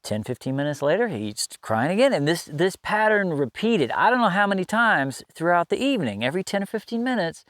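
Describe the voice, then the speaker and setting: A man's voice: high voice, sing-song, brisk, few pauses, fairly bright tone, no echo, clean studio sound. A middle-aged man telling a personal story in a casual, conversational way, laughing often and restarting his sentences.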